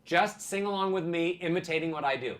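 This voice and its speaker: A man's voice: a little high, brisk, a bit bright. A male vocal coach leading a singing lesson, encouraging and demonstrating vibrato on sung syllables.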